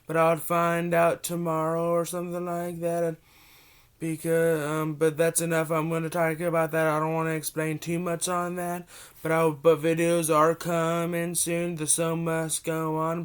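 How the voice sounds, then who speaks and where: Young guy with a cold rambling thru a movie review, smooth voice, kinda flat. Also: on the high side, a little slow. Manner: rambling, restarts, excited gushing. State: has a cold.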